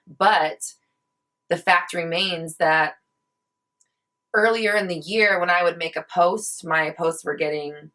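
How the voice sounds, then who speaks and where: A woman's voice: fairly low pitch, a bit bright. A young woman venting in a casual vlog, heated and swearing often as she rants. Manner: heated, swears a lot, ranting. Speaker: vlogger.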